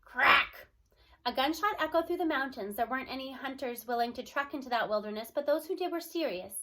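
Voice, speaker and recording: High-voiced woman reading a children's book. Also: quick pace. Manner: expressive storytelling. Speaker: reader. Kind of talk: children's book read-aloud.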